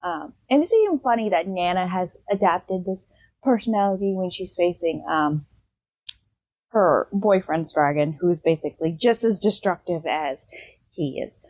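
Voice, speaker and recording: A woman's voice: lowish voice, normal speed, dry recording, dull audio. A woman hosting a casual book review podcast, rambling with lots of "um" and "like" as she retells the plot. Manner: rambling, full of "um" and "like", animated retelling.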